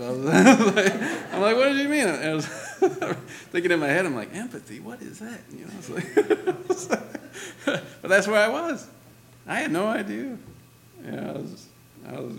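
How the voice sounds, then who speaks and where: A man's voice: medium pitch, gravelly, a bit bright. A man preaching a sermon in a church, talking conversationally and laughing often, with lots of "you know" and "right?". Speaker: pastor.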